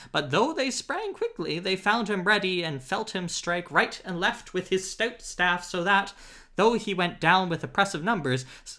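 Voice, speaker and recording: A man reading an old adventure tale aloud in a steady, measured storybook narration. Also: high voice. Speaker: audiobook reader.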